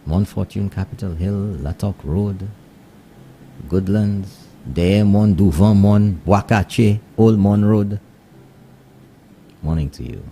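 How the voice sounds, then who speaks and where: A Saint Lucian man hosting a casual morning radio show, trading English and Kweyol as he greets listeners. His voice is low and very dark and mellow. A faint hiss sits under the recording. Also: slow pace, pauses often. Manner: switches between English and Kweyol, animated greetings. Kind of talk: casual radio chat and shout-outs.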